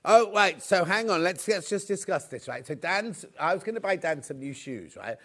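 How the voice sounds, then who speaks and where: A man's voice: high-pitched, expressive, normal speed, fairly bright tone. A man presenting fabrics on a live TV shopping show, chatty and rambling, full of anecdotes.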